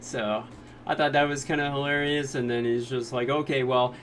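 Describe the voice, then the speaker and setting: A man recapping anime episodes in casual, jokey talk, sometimes quickly acting out the characters' lines. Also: medium pitch, steady tone, a bit bright, a little hiss or hum. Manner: jokey retelling, quick quoted voices of characters. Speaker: anime reviewer.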